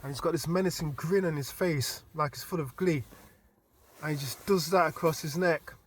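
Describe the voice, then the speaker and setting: A man casually telling a story from his dream as a vlogger, animated and informal, often stumbling and restarting his words. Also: a little high, normal speed, slight background noise. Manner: animated retelling with frequent stammered restarts; informal and chatty.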